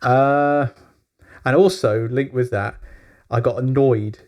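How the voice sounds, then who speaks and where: A man co-hosting a casual review podcast, wry and measured, often laughing. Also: mid-range voice, steady tone, muffled recording, slight background noise. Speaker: podcast co-host.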